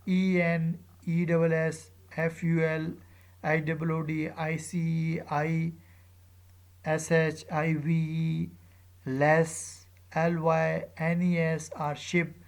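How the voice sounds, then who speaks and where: Slow gravelly male teacher. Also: on the high side. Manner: slow and deliberate, spelling out letters one by one; frequent filler pauses. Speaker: English teacher. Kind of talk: recorded lecture.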